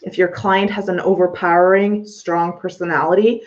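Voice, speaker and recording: A woman's voice: on the low side, little pitch movement, moderate pace. A woman coaching her audience directly in a blunt talk, swearing freely as she goes. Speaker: business coach. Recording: slightly dull lo-fi audio.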